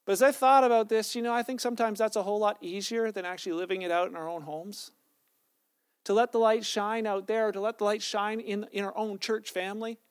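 A man's voice: high-pitched, steady tone, a little fast, smooth, no echo, clean studio sound. A man, a pastor with children, giving a sermon in a loose, conversational storytelling way, often restarting his sentences. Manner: conversational storytelling preaching, self-correcting.

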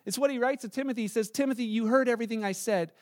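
A man's voice: very high voice, very fast, dry recording, studio quality. A middle-aged man giving a sermon as pastor, conversational and storytelling, with asides and restarts.

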